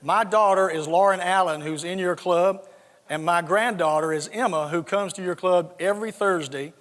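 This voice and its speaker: A man in his sixties from South Georgia, USA, speaks with a Southern accent in a high-sitting, fairly bright voice at normal speed. Giving a keynote at a conference, he tells folksy, joking stories and repeats words as he starts each thought. The recording echoes with the reverb of a large conference hall.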